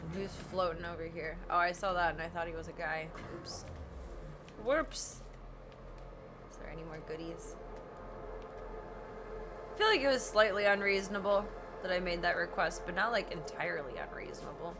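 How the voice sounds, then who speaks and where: A woman's voice: on the low side, normal speed, pauses often, background noise. A woman streaming a video game, chatting casually, swearing freely and breaking into laughing shrieks. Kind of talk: casual gameplay chat.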